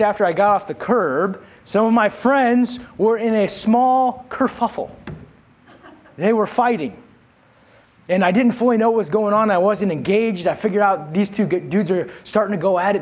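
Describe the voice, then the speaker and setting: This man preaches at normal speed, recounting something from his own life and urging the congregation to answer back. He shifts from quiet and low to loud and forceful.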